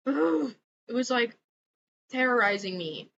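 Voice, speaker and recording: A woman's voice: fairly high pitch, lively intonation, measured pace, creaky, fairly bright tone. Profane, exasperated young woman vlogging. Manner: profane, exasperated, many fillers like "like". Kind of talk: casual ranting vlog. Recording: slightly dull lo-fi audio with faint noise.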